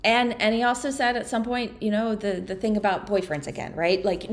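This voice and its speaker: At medium pitch, a woman guest in a podcast interview shares a personal account in a soft-spoken, halting way. She often restarts and slows down at the hardest moments.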